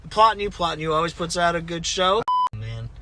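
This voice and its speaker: Excitable, high-voiced male podcast host. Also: normal speed. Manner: excitable, laughs a lot, swears freely. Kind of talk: casual chat. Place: parked car.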